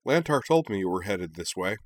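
A man's voice: deep voice, expressive, brisk, no echo. A man voicing a gracious, friendly young woman who speaks politely. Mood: welcoming.

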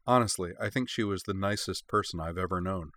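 A man reading the lines of a warm, teasing woman with a dry, deadpan humor, in a read-aloud story. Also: deep voice, brisk, dry recording. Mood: fond teasing. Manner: fond, wry, deadpan humor. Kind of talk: read-aloud fan fiction.

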